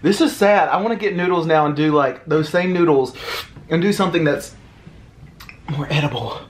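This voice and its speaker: A man's voice: on the high side, slight background noise. A man chatting casually to viewers in a mukbang, sighing and suffering from spicy food. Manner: chatty, drawn-out sighs, informal. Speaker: food vlogger.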